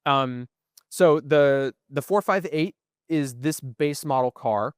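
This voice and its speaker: A man's voice: mid-range voice, slow, smooth, dry recording, clean studio sound. A young man co-hosting a podcast, explaining things at length in casual chat and often asking "right?". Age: young adult. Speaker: podcast co-host. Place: museum.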